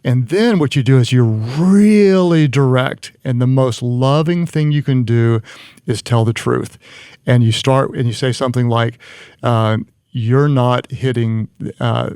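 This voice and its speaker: A man's voice: medium pitch, unhurried, a little mellow, smooth, dry recording, studio quality. A man giving earnest leadership advice in conversation, often restarting his sentences. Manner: earnest, frequent restarts and stammers. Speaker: guest.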